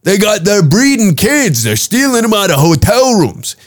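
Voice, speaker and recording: A man's voice: high voice, sing-song, moderate pace, voice pushed up. A man in his fifties mimicking a conspiracy believer in a condescending, mocking tone.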